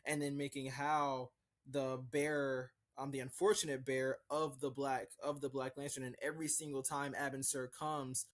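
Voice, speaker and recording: A man talks in a loose, excited ramble as a podcast co-host. His sentences trail off and restart, full of filler words. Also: medium pitch. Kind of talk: casual chat.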